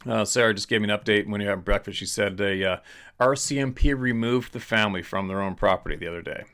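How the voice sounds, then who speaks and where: A man's voice: fairly low pitch, fast, a bit bright, smooth. A man from British Columbia hosts the show in a blunt, opinionated, rambling monologue. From British Columbia, Canada. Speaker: host, hunting and fishing guide. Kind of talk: casual monologue, reading a viewer letter.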